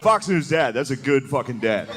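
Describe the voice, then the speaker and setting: A man's voice: mid-range voice, very animated, normal speed, a crowd in the background. A man doing a stand-up comedy set, laid-back and crude, often slipping into exaggerated character voices. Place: comedy club stage before a laughing audience.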